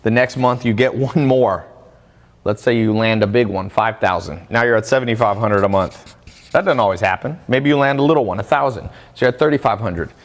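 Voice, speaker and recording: A man giving a casual, energetic motivational talk about earning money, with sudden rises in pitch on key points and quoted people acted out. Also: fairly quick. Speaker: online business coach. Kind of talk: motivational monologue.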